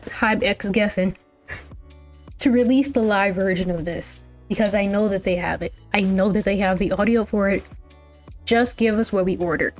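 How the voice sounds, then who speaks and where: A woman hosts a casual music reaction, rambling from thought to thought with plenty of fillers and self-corrections. Her voice sits in an ordinary middle pitch. Faint music hums in the background. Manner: rambling, chatty, full of "like" and restarts. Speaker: music reaction channel host.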